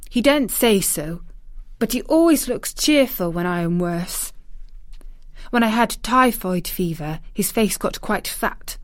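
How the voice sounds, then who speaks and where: A sickly, resentful young boy pouts his way through each line, as a woman reading a storybook voices him. He talks slowly, with a slightly raised, whining pitch. The sound is dry and close. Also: no echo, lightly acted.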